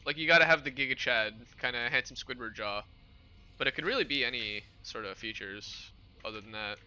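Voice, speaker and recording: A young man hosting a livestream, chatting casually with his chat in a relaxed, rambling way. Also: medium pitch, brisk, clean tone. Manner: relaxed rambling with fillers and laughs. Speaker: livestream host. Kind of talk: casual stream chat with chat readers.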